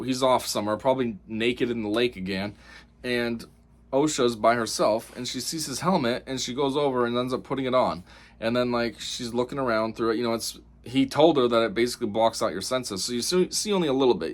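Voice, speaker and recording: Exasperated guy rambling through a tv episode review, lots of um and like. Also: medium pitch. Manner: rambling, exasperated, full of fillers. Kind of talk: casual spoken review.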